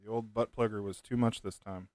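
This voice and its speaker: A man's voice: fairly low pitch, steady tone, a little fast, darkish tone, no room sound, clean studio sound. A man in young adulthood chatting casually with viewers while building a keyboard, laid-back and joking, laughing often. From United States.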